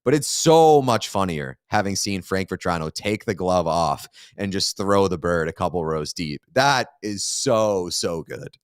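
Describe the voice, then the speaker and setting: Low-voiced man riffing dryly on a podcast. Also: expressive, a little slow, hardly any pauses, clear, resonant tone, dry recording, clean studio sound. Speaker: podcast co-host. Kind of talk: casual sports chat.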